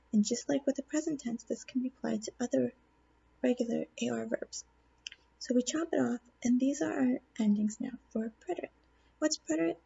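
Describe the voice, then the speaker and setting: A woman teacher explains grammar in a patient classroom-video manner, posing questions and then answering them. Her voice is husky and gravelly with a dark, mellow tone. The recording is somewhat dull and lo-fi. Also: on the high side. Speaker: Spanish teacher.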